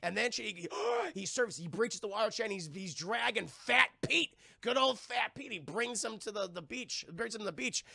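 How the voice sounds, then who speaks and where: Animated, profane man reviewing a film live. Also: sits high, normal speed, creaky, hardly any pauses, dry recording, clean studio sound. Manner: animated, profane, acts out scenes while retelling them.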